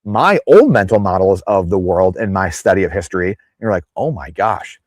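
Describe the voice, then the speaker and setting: Guest spot: man with a lowish voice, swoops up and down a lot, tangent-prone, dry close sound. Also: animated, a little fast, no echo. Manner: rambling, goes off on tangents; acts out quoted people in exaggerated voices. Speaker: podcast guest. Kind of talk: casual interview talk.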